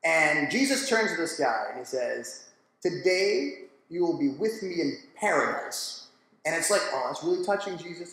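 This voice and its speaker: A man on a church discussion panel, talking in a casual, animated, slangy and jokey way. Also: sits high. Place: church hall. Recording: echoey hall.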